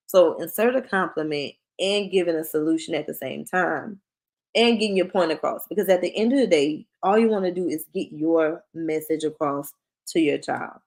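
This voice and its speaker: Woman counselor talking to parents, lowish voice, chatty workshop style. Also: moderate pace, a little mellow. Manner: conversational, acts out short parent-child exchanges. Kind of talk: presentation to parents.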